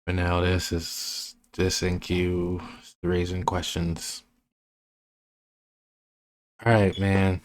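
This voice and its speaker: Low-pitched male trading educator, slow and flat, loose rambling walkthrough. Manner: rambling, restarts often, many fillers. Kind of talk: casual chart walkthrough.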